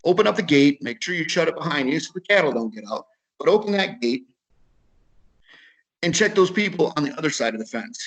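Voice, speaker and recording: A man with a slightly high voice and an Upper Midwest American accent tells a story for a webinar. His talk is casual and full of restarts. He acts out both sides of each conversation. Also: expressive, brisk, a bit bright, slightly rough, poor audio. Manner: casual, repeats words, acts out dialogue. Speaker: webinar speaker. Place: video webinar.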